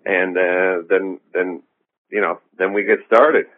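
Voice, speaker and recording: A comedian and podcast host talking in a phone interview, rambling and sardonic with a self-assured edge. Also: male voice, low-pitched, fairly even intonation, takes it slowly. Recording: dull lo-fi line.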